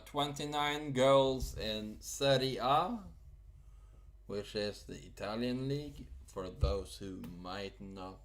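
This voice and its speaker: Guy rambling about football on his channel, super slow, umming a lot, mid pitch. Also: fairly bright tone. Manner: slow, hesitant, many fillers and pauses. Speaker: football vlogger. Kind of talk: casual unscripted commentary.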